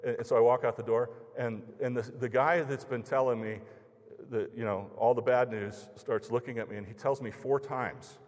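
A man delivers a sermon as a loose, conversational personal story, often voicing the people in it. His voice is mid-pitched, and a long hall reverb trails behind every phrase. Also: steady tone, normal speed, darkish tone. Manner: conversational, anecdotal, acts out others' lines.

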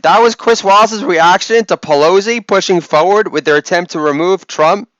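A man's voice: high-pitched, moderate pace, fairly bright tone, no echo, lo-fi sound. A man hosting a comedy podcast, delivering mocking, sarcastic jokes and laughing at his own lines. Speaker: podcast host.

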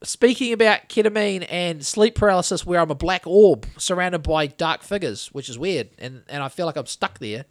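Man, podcast host, high voice, dry close sound, casual rambling chat, swears a lot. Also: normal speed, few pauses, dry recording. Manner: rambling, swearing anecdotal storyteller.

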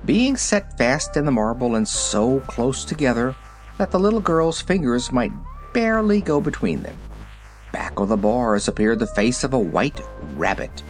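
A man narrating a storybook, reading in an expressive, lively storytelling manner. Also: mid-range voice. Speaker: audiobook narrator.

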